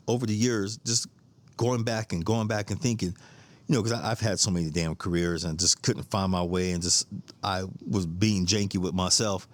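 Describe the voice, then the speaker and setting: A man's voice: lowish voice, no echo. A middle-aged man hosting a podcast, telling stories in a rambling, casual way, repeating words, laughing often and swearing freely. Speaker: podcast host. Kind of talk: casual storytelling monologue.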